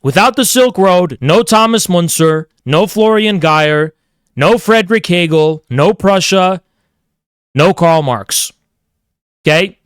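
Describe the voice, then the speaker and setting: A man's voice: high-pitched, expressive, slow, clean tone, dry recording, studio quality. A man delivering a provocative, emphatic ranting monologue, repeating phrases for effect. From United States. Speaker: political commentator.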